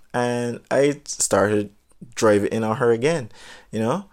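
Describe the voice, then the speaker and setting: A man's voice: fairly low pitch, steady tone, unhurried, a little mellow. A young man telling a story in a brash, rambling, slangy way. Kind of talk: animated storytelling.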